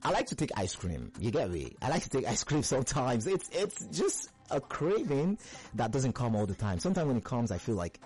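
A young man hosting a call-in radio show, energetic and slangy, hyping up callers. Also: mid-range voice, fairly quick. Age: young adult.

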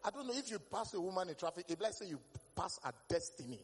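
A high-pitched Nigerian man with a husky edge performs stand-up, spinning stories in Pidgin-laced English and breaking into loud shouts. His voice rings through a hall with a long, trailing reverb. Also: fast talker. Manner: animated storytelling with Pidgin English, bursts of shouting. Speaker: stand-up comedian. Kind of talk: stand-up comedy set.

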